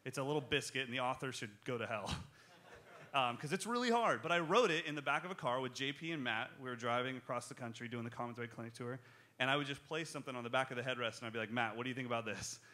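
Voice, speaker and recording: A man's voice: mid-range voice, fast, sharp tone. A man teaching a live drum clinic, joking and talking straight to the audience as he explains his playing and takes questions. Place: music shop clinic in front of an audience.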